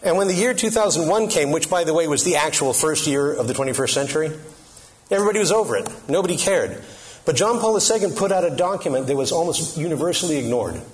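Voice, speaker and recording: A fast-talking middle-aged Catholic speaker, his voice a little high and his intonation lively, keeps his audience laughing. He chats with them casually, cracking jokes and asking questions.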